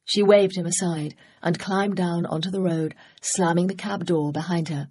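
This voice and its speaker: A woman narrating a cozy mystery audiobook, measured and poised. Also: lowish voice, a little mellow, slightly rough. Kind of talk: scripted narration.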